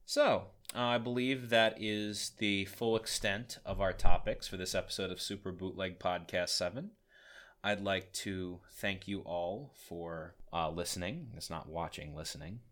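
Man, podcast host, casual rambling talk, self-deprecating, fairly low voice. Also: steady tone, a little slow, a bit bright.

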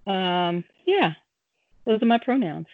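A woman's voice: mid-range voice, lively intonation, slow pace, no echo, phone-quality sound. An older woman, a grandmother, hosting a community radio talk show in a playful, chatty way. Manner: playful, jokey, chatty with fillers. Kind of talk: casual radio chat. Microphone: studio microphone.

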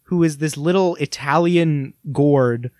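A man's voice: fairly high pitch, measured pace, a little mellow, no room sound, studio quality. A young man co-hosting a podcast in casual chat, rambling and self-deprecating. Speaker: podcast co-host.

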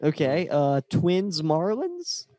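A man's voice: on the high side, huge pitch swings, slow pace, mellow, no echo. A man co-hosting a casual sports podcast, reading out matchups and steering the chat. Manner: reads out matchups, leading the talk. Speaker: podcast co-host.

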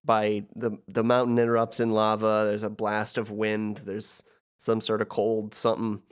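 A man co-hosting a casual podcast, recapping a game in a laid-back, halting way and swearing casually. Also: lowish voice, completely flat delivery, smooth. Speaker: podcast co-host.

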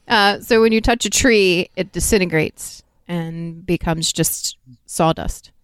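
A woman's voice: on the low side, slow, clear, resonant tone, no room sound. A woman co-hosting a podcast, playful and teasing, switching between chat and game narration. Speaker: podcast co-host.

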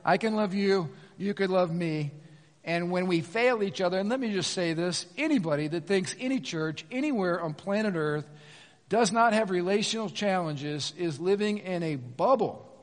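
A middle-aged man, a pastor, preaching a sermon in a church sanctuary in a lively, conversational way, with frequent asides to the congregation. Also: high voice, moderate pace. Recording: long reverb of a church hall.

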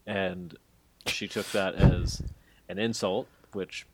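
A man's voice: low-pitched, fairly even intonation, slow pace, slight background noise. A man co-hosting a podcast, recapping a story in a rambling, hedging way with lots of fillers. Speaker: podcast co-host. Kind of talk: casual podcast chat.

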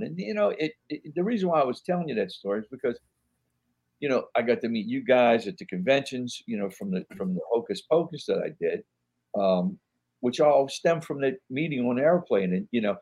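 A man's voice: fairly low pitch, a little mellow, husky, muffled recording. A man, a podcast guest rambling through anecdotes with lots of fillers and voicing the people he quotes. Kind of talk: casual interview storytelling.

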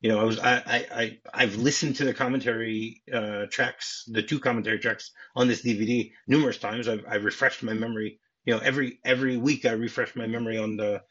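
A man's voice: mid-range voice, steady tone, brisk, few pauses, fairly bright tone, husky. A man hosting a casual film podcast, eagerly retelling scenes and often restarting his sentences. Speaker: podcast host. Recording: dull lo-fi podcast audio.

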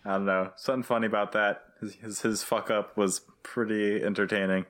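A man's voice: on the low side, flat delivery, moderate pace, a bit bright. A man co-hosting a casual podcast, joking and bantering with crude humor. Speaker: podcast co-host. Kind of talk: casual chat.

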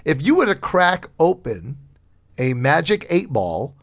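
A middle-aged man hosts a podcast, chatty and teasing, and he laughs often. His voice sits a little higher than most men's. He runs the talk loosely and quickly. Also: very animated. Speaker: podcast host. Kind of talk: casual chat.

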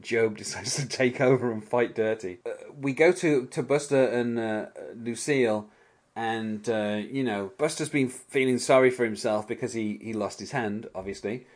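A man's voice: medium pitch, moderate pace. A man hosting a casual podcast chat, rambling and hedging a lot, often breaking into small laughs.

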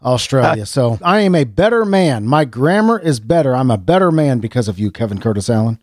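This middle-aged podcast host from the United States sounds very animated and a little fast, with a medium, slightly mellow voice captured in a dry, clean studio recording. His casual chat meanders, with self-interruptions, restarted sentences, and the odd chuckle.

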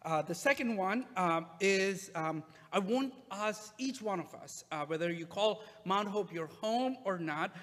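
A male pastor preaching a sermon in a relaxed, conversational way, with frequent "uh" fillers. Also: sits high, a little slow, few pauses, long reverb tail.

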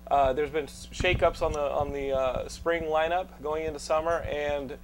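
Upbeat Texan podcast host. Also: male voice, fairly high pitch, fairly even intonation, moderate pace. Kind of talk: casual podcast chat.

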